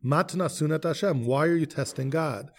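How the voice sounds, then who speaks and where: A man who is a rabbi, leading a podcast text study with animated questions, reading verses and explaining them. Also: a little high, moderate pace. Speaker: rabbi and teacher.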